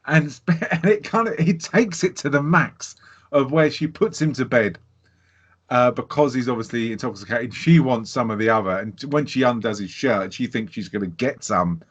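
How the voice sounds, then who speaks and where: A man co-hosting a podcast, chatting casually about a film, animated and laughing, swearing freely. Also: mid-range voice, moderate pace, breathy edge. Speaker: podcast co-host. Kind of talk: casual film review chat. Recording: dull lo-fi sound.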